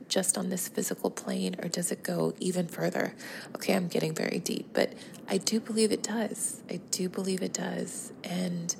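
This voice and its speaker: A woman podcast host closing her show with a heartfelt sign-off, speaking gently and earnestly, often in a soft breathy half-whisper. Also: on the low side, a little hiss or hum.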